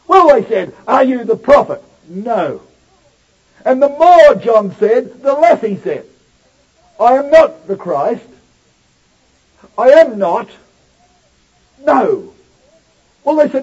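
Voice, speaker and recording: A man preaching a sermon to his congregation, with an emphatic delivery that swells loud and drops low. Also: sing-song, takes it slowly, pauses often, slightly rough. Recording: dull lo-fi recording.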